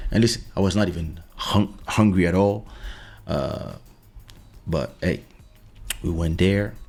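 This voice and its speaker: A podcast host with a low voice and vocal fry speaks from his home office through a studio USB mic. Telling a personal story, he's casual and insistent, repeatedly saying "listen" to hammer points home.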